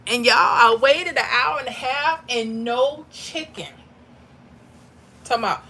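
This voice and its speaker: Woman, livestream host, chatty, animated, reads numbers and comments, bright voice. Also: high voice, measured pace, pauses often, slight background noise. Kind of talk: casual livestream chat reading viewer comments.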